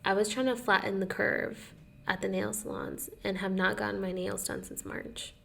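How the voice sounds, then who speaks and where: Creaky young woman telling a story. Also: medium pitch, normal speed. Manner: animated storyteller who acts out quotes, says "like" often. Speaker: podcast co-host. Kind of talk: casual chat, storytelling.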